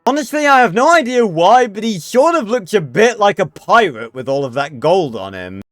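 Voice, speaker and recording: A man talking casually to his viewers, chatty and quick with an opinion. His voice is high and smooth, close and dry. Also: big pitch swings, a bit bright, dry recording. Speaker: video host. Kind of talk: casual video commentary.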